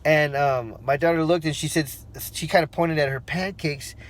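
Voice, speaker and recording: A man in his forties telling a personal story in a relaxed, rambling way, with fillers and restarts, acting out the voices he quotes. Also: a little high, moderate pace. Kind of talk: casual spoken storytelling.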